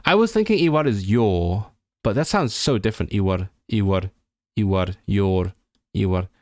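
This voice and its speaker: A man learning a language, reading exam text aloud and thinking through answers, halting and correcting himself as he goes. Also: fairly low pitch, lively intonation, no room sound, clean studio sound. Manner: halting and self-correcting, sounding out words, bursts of surprised laughter. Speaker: language learner streaming his study.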